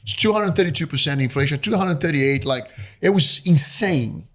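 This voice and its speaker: Here the same guest investor, a Brazilian in his fifties whose native language is Portuguese, speaks with a slightly high, somewhat bright voice. He talks at a moderate pace, recounting his story in the interview and animatedly performing voices, all in a Brazilian accent.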